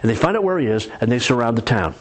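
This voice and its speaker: Husky man preaching conversationally. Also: mid-range voice, animated, racing. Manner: conversational storytelling with folksy humor. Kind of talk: sermon.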